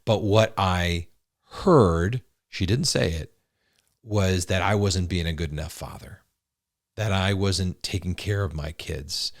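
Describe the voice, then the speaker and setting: A man's voice: sits low, slow pace, dry recording, studio quality. A man co-hosting a marriage podcast, explaining in an earnest casual way, often restarting his sentences. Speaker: podcast co-host, husband. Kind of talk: casual chat.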